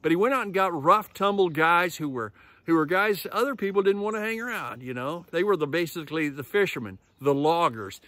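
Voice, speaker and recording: A man preaching in a relaxed, conversational way, slipping into animated quoted voices as he retells stories. His voice sits a little higher than most men's, and the sound is close and dry with no room around it. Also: a little fast, no room sound. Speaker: pastor. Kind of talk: sermon.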